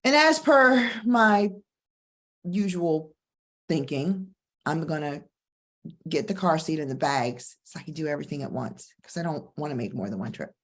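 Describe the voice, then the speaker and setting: Middle-aged woman, divorce coach host, lower register, emphatic motivational delivery. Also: expressive, fairly bright tone. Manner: emphatic, preacher-like cadence with slow stressed phrases. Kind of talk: motivational monologue and personal story.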